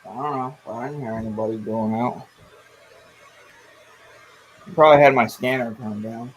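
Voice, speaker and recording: A man chatting casually with friends, answering in a dry, low-key way. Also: steady tone, moderate pace, slightly rough, rough recording. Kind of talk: casual banter among friends.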